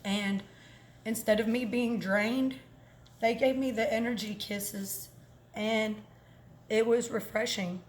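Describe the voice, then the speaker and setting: A woman from Alabama gives a halting, emotional personal testimonial at a campsite and is close to tears. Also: a little high, steady tone. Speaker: camp attendee giving testimony.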